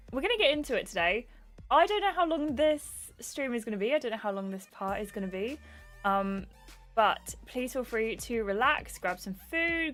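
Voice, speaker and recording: A woman's voice: a little high, a bit bright. A young adult woman livestreaming a game, chatting casually and greeting viewers by name. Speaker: gaming livestreamer.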